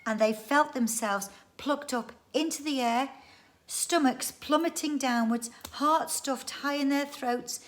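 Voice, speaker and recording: A woman's voice: high-pitched, slow. Woman reading a children's story. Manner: lively, expressive reading with voiced characters. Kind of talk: reading a children's book aloud. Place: home. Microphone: phone or webcam.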